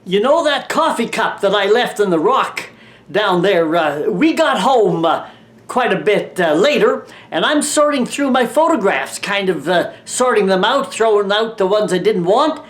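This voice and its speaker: An older man from Canada telling a personal travel story in a folksy, wry way, halting often with "uh" fillers. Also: sits high, animated, a bit bright. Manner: halting, many "uh" fillers, wry self-mocking humor.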